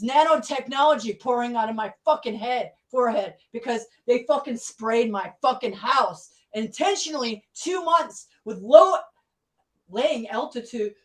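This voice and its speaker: A woman's voice: fairly high pitch, far from the mic, low-quality recording. A woman hosting a heated online group chat, swearing constantly as she vents over a video call. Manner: swears constantly in an angry rant. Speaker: channel host in a group live chat.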